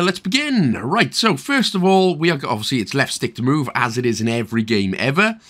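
Lively jokey Welsh man. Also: fairly high pitch. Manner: jokey, playful asides. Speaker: gaming video host. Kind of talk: game achievement walkthrough commentary.

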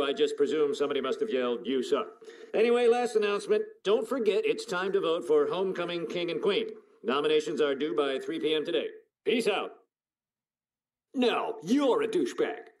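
An actor voicing an awkward middle-aged male school principal in a cartoon, with a dry, deadpan delivery. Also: on the high side, normal speed, a little hiss or hum. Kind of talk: cartoon voice acting.

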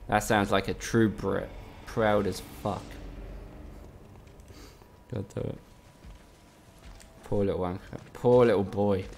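A man's voice: lowish voice, fairly even intonation, slow pace, vocal fry, long pauses, a little hiss or hum. A man from the UK, streaming a game live and trading teasing, sweary banter with his chat. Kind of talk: casual live-stream commentary.

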